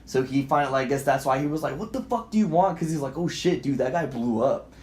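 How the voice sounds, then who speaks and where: A young man co-hosting a podcast, telling a story casually with lots of swearing and acted-out shouting. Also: medium pitch, quick pace, echoey room, slight background noise. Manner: animated, profane, acts out voices and shouts in quotes. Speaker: podcast co-host.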